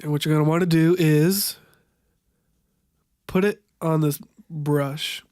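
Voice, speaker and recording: A young man improvising a makeup tutorial voiceover, halting and stumbling over product names, wryly amused by what he sees. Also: fairly high pitch, fairly even intonation, darkish tone, dry recording, studio quality. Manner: wry, amused at the footage. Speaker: voiceover narrator.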